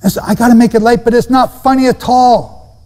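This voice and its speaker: Emphatic high-voiced man teaching in a hall. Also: fairly even intonation, brisk, a little mellow. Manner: emphatic, repeats phrases, quizzes the audience. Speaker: Bible prophecy teacher. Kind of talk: teaching with slides to a live audience. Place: room with a seated audience. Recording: long reverb of a hall.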